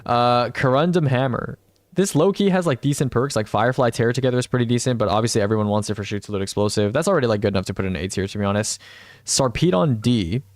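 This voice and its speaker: A young man streaming, casually thinking out loud as he ranks game gear and answers chat. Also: mid-range voice, fast talker, no room sound. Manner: rambling, thinks aloud, reads chat replies. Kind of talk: casual live-stream gaming commentary.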